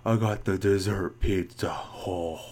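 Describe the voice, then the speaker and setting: A man co-hosting a casual podcast chat, theatrical, his voice shooting up high when he gets excited. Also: a little slow. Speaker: podcast co-host.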